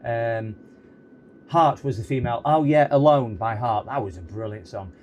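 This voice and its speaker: Rambling, mellow-voiced man. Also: mid-range voice, normal speed, slight background noise. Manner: rambling, chatty, easily sidetracked. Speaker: streamer repairing electronics. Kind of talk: casual chat while soldering.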